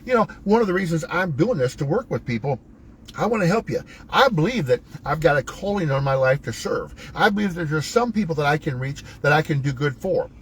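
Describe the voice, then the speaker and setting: A man's voice: expressive, fairly quick, a little hiss or hum, rough recording. Preachy, folksy motivational man. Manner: preachy, emphatic coaching with wide pitch swings. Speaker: host. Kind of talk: motivational talk to viewers.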